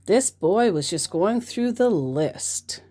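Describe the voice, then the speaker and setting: Slow, wry woman telling a story. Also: medium pitch, animated, dark tone. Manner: wry, joking, hesitant with fillers. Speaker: scam baiter telling her chats. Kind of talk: casual storytelling vlog.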